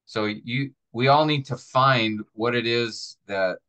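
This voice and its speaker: A man's voice: mid-range voice, slow pace, pushed and bright. A middle-aged man teaching a class on preaching, talking in a thoughtful, conversational way. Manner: thoughtful, conversational, demonstrates delivery with acted examples. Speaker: preaching instructor.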